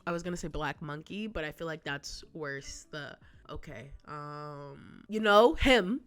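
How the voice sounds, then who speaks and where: A woman's voice: sits low, animated, a little slow, fairly bright tone, clean tone. A woman talking casually in a video review, rambling with lots of filler words and breaking into laughter now and then. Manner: chatty, rambling, many "like" fillers, frequent laughs. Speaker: youtuber reviewing a cartoon. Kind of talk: casual retrospective commentary.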